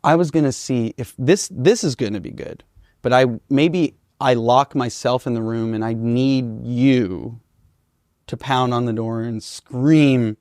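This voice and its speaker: A man playing a deadpan, rambling oddball patient. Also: medium pitch, a little slow, no echo, clean studio sound, natural voice. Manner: deadpan, hesitant, rambling requests. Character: odd, demanding male clinic patient. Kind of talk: improv comedy sketch.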